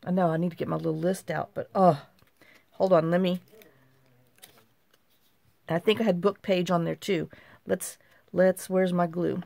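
Gravelly-voiced woman chatting over craft mail. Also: fairly low pitch, fairly even intonation, moderate pace, long pauses, dark tone, dry recording. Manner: chatty, talks to herself while handling items, exclaims often. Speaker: craft channel host. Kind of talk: casual show-and-tell of craft mail.

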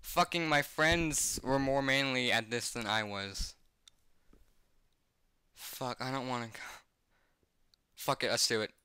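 A man's voice: mid-range voice, slow pace, pauses often, sharp tone, clean tone, no room sound, studio quality. A man reading a horror comic aloud at home on his bed and reacting to it, swearing constantly and yelping when something startles him. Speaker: webcomic reactor.

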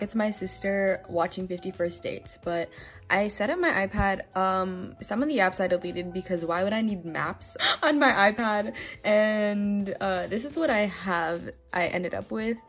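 A young woman chatting casually through an unboxing vlog at home, excitable and self-deprecating. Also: medium pitch. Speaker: vlogger. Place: home workspace.

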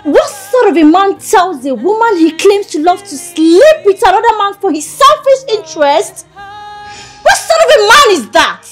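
A woman's voice: extremely high pitch, sing-song, unhurried, soft background music, full character voice. An actress with a Nigerian accent playing an indignant, protective female friend who scorns the boyfriend. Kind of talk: film drama acting.

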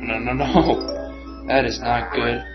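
A man's voice: medium pitch, fairly even intonation, takes it slowly. A young man giving casual commentary as he plays a video game, frustrated and cursing at the enemies on screen. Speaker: let's play gamer. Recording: dull lo-fi recording. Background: game music.

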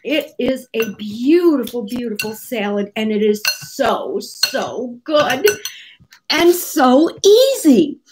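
An American woman, a cookbook author, tells a story straight to the camera. She talks in a lively, chatty way full of exclamations, with a fairly high voice. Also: takes it slowly, hardly any pauses, noisy background. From United States.

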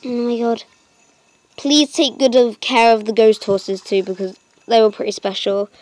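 A woman giving casual gameplay commentary as a channel host, excitable, breaking into delighted squeals and filling pauses with lots of hesitant ums. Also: on the high side.

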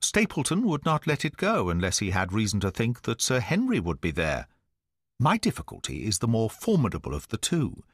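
A brisk, commanding male detective, read by a man in an audiobook, pressing his deductions in a crisp, urgent way. The intonation rises and falls with lively range. The recording is dry and close. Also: mid-range voice, no echo. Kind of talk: audiobook dialogue reading.

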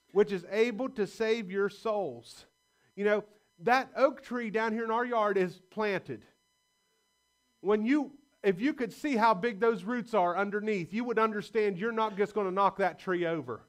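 A man's voice: high voice, moderate pace. A man preaching a sermon as pastor in a church, in a folksy style with stories and laughs. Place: church sanctuary.

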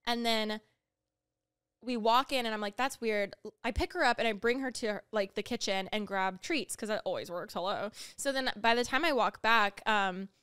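A woman's voice: moderate pace, clean tone, no echo, clean studio sound. A young woman co-hosting a podcast, chatting casually and telling stories with lots of acted-out quotes. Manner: animated storyteller, acts out quotes with big pitch jumps. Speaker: podcast co-host. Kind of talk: casual chat.

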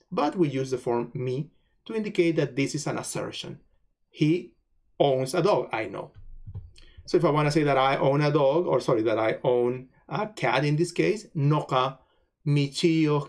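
A man speaking in a slightly high voice gives a recorded language lesson. He says each phrase twice, adds its translation, and stops now and then with fillers to look for the right word. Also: animated. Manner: pauses to search for words, many fillers. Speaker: language lecturer.

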